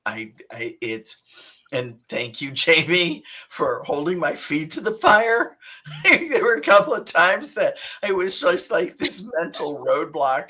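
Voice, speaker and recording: A woman being interviewed as an author, answering in a halting way with restarts and laughs as she talks. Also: lowish voice, sing-song, bright, forceful tone, slightly rough, rough recording. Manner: halting, many restarts and fillers, laughs while talking. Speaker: author and guest.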